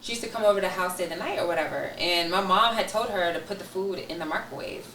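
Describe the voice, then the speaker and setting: A woman chatting casually on a podcast, telling animated stories and imitating her relatives. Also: on the low side, fast. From Jamaican family. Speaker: podcast guest. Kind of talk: casual chat. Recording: roomy echo.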